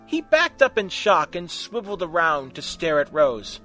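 A man narrating a comic fan fiction story in an animated, mocking way. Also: fairly high pitch, normal speed, soft background music. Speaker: story reader.

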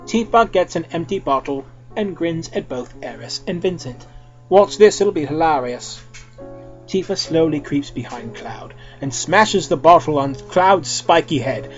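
Young man reading a story, lively and playful. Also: on the high side, moderate pace, hardly any pauses. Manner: switches between character voices, lively and playful. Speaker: reader of fan fiction. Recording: dull lo-fi recording with faint music.

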